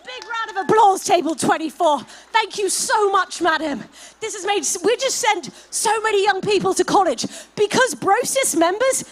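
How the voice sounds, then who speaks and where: A very high-pitched, animated woman at a moderate pace leads the paddle raise at a gala, shouting out donation figures. As fundraising auctioneer in the event hall, she lavishes praise on every donor.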